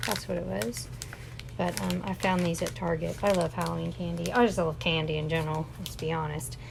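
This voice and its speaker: A woman's voice: lowish voice, little pitch movement, a little fast, vocal fry, noisy background. A woman teaching a casual live crafting tutorial, chatting and rambling with asides to her viewers. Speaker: crafting instructor.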